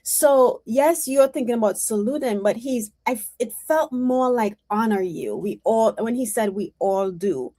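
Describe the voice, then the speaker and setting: A woman psychic sharing what she picked up in a casual reading. Her voice sits fairly high, and she talks slowly, wandering through her thoughts with frequent restarts. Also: dark tone. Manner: rambling, chatty, with many restarts. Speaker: psychic reader.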